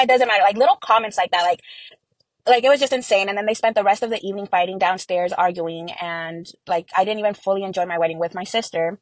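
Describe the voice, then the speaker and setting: A woman's voice: medium pitch, no room sound, rough recording. A young adult woman giving an earnest personal account in an interview, full of fillers and quoted dialogue. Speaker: interview guest.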